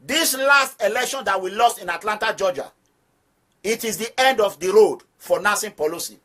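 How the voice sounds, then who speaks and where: A man's voice: high-pitched, normal speed, bright, forceful tone. A man with a Nigerian accent, leading an activist movement and giving emphatic political commentary straight to his listeners, repeating phrases for stress. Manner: preaching address to listeners. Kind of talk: direct-address political commentary.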